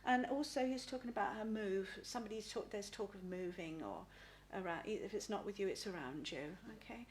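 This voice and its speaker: A middle-aged psychic medium hesitates as she gives a live spirit reading, repeating words and often asking "please?". Her voice is mid-range, and there is slight background noise.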